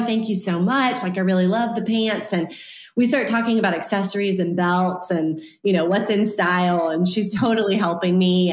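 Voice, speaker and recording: A woman guest author telling a personal story in an animated, chatty way during an interview. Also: mid-range voice. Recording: roomy echo.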